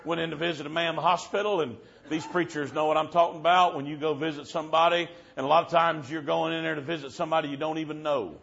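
A preacher delivering a fiery revival sermon in church, moving from low storytelling to shouted warnings. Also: male voice, fairly even intonation, fast, vocal fry, hardly any pauses. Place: church service. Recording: dull lo-fi recording.

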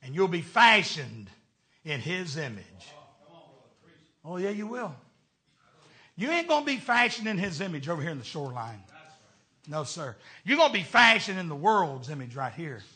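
An older preacher with a drawl, telling homespun stories with plenty of humor. His voice sits high and swings widely in pitch, and it has a bright, forceful edge. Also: sing-song, moderate pace, pauses often. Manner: folksy storytelling preacher with humor. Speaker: pastor. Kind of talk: sermon.

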